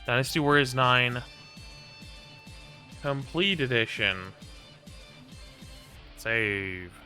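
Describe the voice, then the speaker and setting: Bright-voiced ranting male streamer. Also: medium pitch, lively intonation, very slow, faint music behind. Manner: ranting, profane, wry. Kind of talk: casual gameplay commentary.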